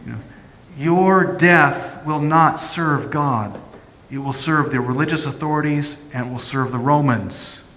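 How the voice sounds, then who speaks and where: A pastor voicing a blunt, brusque pragmatist inner voice, in a reverberant church. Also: male voice, fairly high pitch, measured pace, fairly bright tone.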